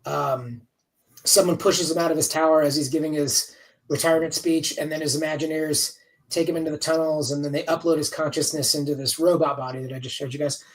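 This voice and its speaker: His voice on the high side, steady and brisk, a fifty-something comics writer talks as a guest in a casual video-call interview. He rambles, speaks candidly, and swears freely, though the mic is distant and the audio poor.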